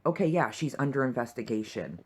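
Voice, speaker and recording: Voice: mid-range voice, very animated, brisk, slightly rough. A young adult fan reviewing a TV episode in a heated, profane rant full of fillers and asides. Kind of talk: reaction rant.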